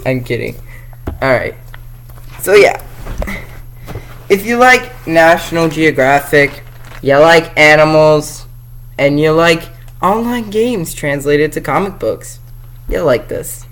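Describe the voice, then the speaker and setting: A male vlogger chatting casually about comics, excitable and jokey, rambling from one thought to the next. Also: a little high, slow pace, pauses often, rough recording. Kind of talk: casual review chat.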